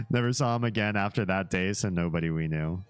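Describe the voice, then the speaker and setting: A man with a very low, deep voice hosts a relaxed livestream and talks his way through a web page with his viewers. He wanders off into asides and chuckles as he goes. A soft musical bed plays faintly underneath. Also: smooth, no room sound. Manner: easygoing and rambling, drifting into asides and small laughs. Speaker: livestream host. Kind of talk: casual livestream chat, reacting to a web page and chat.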